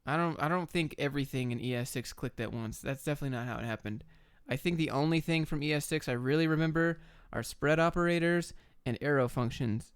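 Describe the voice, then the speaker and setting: A young man answering viewer chat questions on a live stream, giving quick, blunt, offhand answers. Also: a little high, smooth, no room sound, clean studio sound. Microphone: camera and desk mic.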